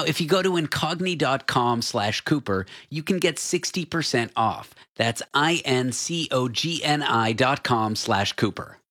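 A man's voice: medium pitch, a bit bright. A man hosting an interview show, joking about himself and reading an ad. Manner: self-deprecating, joking. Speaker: show host. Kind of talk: casual interview and ad read.

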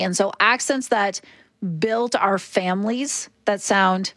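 A woman hosts a conversational talk show, recounting an interview earnestly. Her voice sits in a middle pitch. The sound is dry and close. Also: takes it slowly, a bit bright, no room sound. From Canada. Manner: earnest, explanatory storytelling. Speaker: host.

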